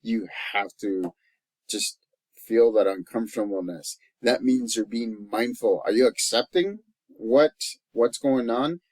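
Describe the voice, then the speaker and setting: An earnest man from El Salvador talks as a life coach in a reflective vlog, restarting his sentences as he works through his thoughts. His voice sits in a middle register and at times sinks soft and quiet with emotion. The sound is dry and close, with no room echo. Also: medium pitch. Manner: earnest and halting, with many restarts. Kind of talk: personal reflective vlog talk.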